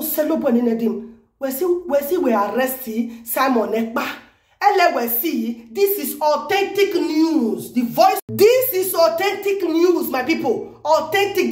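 Excitable high-voiced Nigerian woman. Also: echoey room. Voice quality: animated, exclamatory, repeats herself. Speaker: vlogger. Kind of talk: excited news commentary vlog.

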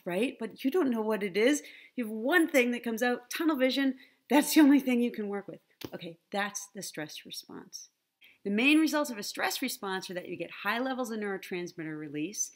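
Friendly woman giving a slide lecture. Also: medium pitch. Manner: friendly teacherly, often adds "right?" and "okay?", laughs lightly. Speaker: conference speaker on the brain and language learning. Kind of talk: online conference talk with slides. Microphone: computer mic, online presentation.

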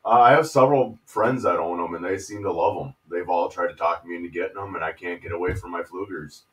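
A man who works as a fishing guide answers questions about his gear in a casual live chat. His voice is low. He keeps his answers short and easygoing. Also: quick pace, fairly bright tone, low-quality recording.

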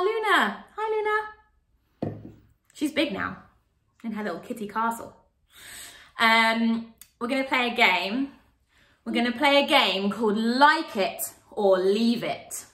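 Lady running a kids yoga class online, high and super animated, bit roomy and off-mic. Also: far from the mic. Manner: animated, playful, sing-song with children.

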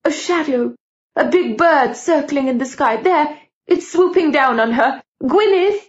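An old great-aunt seer speaks in a raised, breathless voice, her words climbing toward frantic cries, as a woman reader puts her on. The voice sits high. The recording is dull and lo-fi. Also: unhurried. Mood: entranced, alarmed. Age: older. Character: elderly great-aunt seer lost in a frightened vision.

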